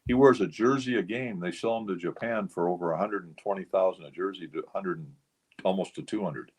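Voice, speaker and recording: A man's voice: sits low, fairly quick, slightly rough. A man over sixty, a memorabilia collector appearing as a guest on a radio talk show, who tells rambling stories packed with fillers. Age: older. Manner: rambling storyteller, many fillers. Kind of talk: casual radio chat.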